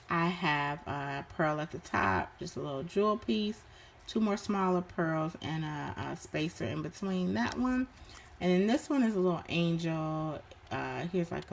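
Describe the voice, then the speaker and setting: Low-voiced woman, casual show-and-tell of crafts, unhurried with lots of ums, faint hiss behind. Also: vocal fry. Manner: unhurried, with frequent ums and uhs. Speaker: crafter showing her work.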